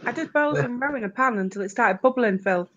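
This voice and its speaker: A woman's voice: fairly high pitch, a little fast, fairly bright tone, lo-fi sound. A woman joining a casual live-stream chat with short remarks.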